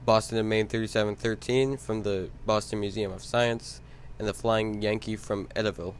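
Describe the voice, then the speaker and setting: A businesslike railroad manager giving brisk orders, played by a man in a low voice. A steady background noise runs behind him. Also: lightly acted.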